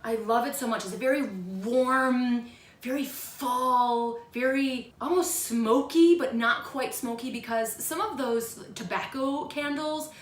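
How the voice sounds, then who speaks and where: Midwestern woman in her thirties, chatty home vlogger, a bit high, roomy sound. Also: a bit bright. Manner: chatty, self-deprecating, bursts into silly high voices. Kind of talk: casual monthly favorites vlog. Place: home room. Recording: echoey room.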